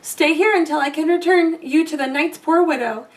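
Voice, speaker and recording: A woman's voice: high-pitched, moderate pace, recorded from a distance, pitched above the performer's own voice, natural voice, rough recording. A woman voicing Kate, a brave young girl in a storybook, speaking earnestly and reassuringly.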